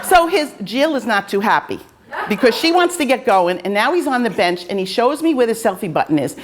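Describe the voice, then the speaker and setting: A woman's voice: fairly high pitch, big pitch swings, a little fast, noisy background. A woman host, a fencing coach, telling casual anecdotes in a chatty, self-deprecating way.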